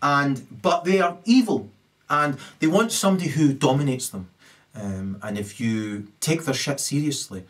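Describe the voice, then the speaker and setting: A man's voice: mid-range voice, expressive, normal speed. Rambling man ranting to camera. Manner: keeps tagging "right?" onto his sentences. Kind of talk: rambling solo rant to camera. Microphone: camera mic.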